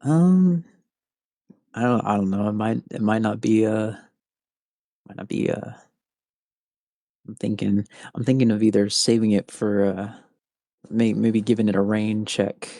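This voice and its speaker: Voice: mid-range voice, measured pace, long pauses, mellow, no room sound, studio quality. A player speaking hesitantly, with many fillers, in casual tabletop game chat.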